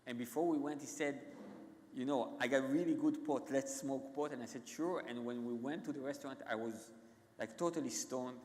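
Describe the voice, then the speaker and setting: A man with an Israeli accent, a guest author telling stories on stage in a halting, self-interrupting way. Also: mid-range voice, darkish tone. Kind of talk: onstage conversation, anecdotal storytelling. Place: large event hall. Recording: echoey hall.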